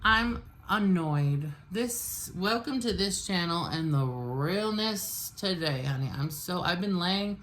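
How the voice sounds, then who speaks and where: This vlogger in her forties talks slowly but animatedly, barely pausing, in a lowish and somewhat bright voice. While doing her makeup she bluntly vents through a storytime, with slight noise in the background.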